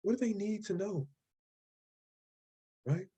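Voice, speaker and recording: A man's voice: sits high, lively intonation, slow, mellow, slightly rough. A man teaching a college writing class, lecturing casually and checking in often with "okay?" and "right?". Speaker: writing instructor.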